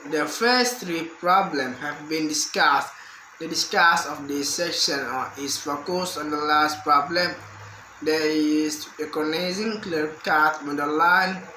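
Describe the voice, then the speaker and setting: A man's voice: a little high, pushed and bright. A young man, a university student reading a prepared exam answer aloud, carefully and with restarts. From Indonesia. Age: young adult. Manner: slow, careful reading with repeated words and restarts. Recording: echoey room with faint background hum.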